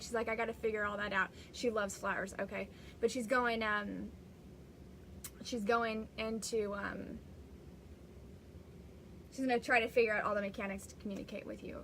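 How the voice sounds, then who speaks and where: A woman's voice: on the high side, sharp tone, slight background noise, poor audio. Chatty woman psychic medium. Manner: rambling, chatty, restarts often. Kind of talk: live-streamed spiritual reading.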